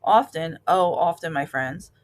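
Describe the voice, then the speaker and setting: A woman's voice: animated, measured pace. Woman doing a whiny, dramatic stingy mouse. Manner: high, pitiful, theatrical pleading. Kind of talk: storybook read-aloud.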